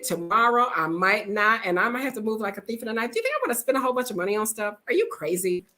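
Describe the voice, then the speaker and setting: A woman's voice: mid-range voice, low-quality recording. A middle-aged woman vlogging, telling stories casually and frankly and acting out the people in them. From United States. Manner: animated, frank, acts out the people in her stories. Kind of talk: casual storytelling to camera.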